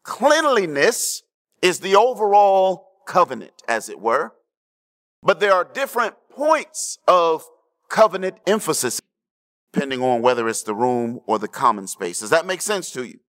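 Slow, emphatic male preacher. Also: very animated. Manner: preaching with call-and-response asides to the congregation; swings between hushed low lines and raised emphatic ones. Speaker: pastor. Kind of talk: sermon.

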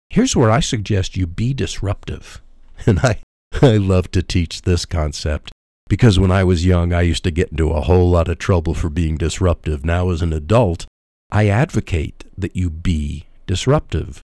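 A middle-aged man hosting a faith-based relationship advice radio talk, emphatic and preacherly, pausing for emphasis. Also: low-pitched, darkish tone, no room sound, studio quality. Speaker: radio program host.

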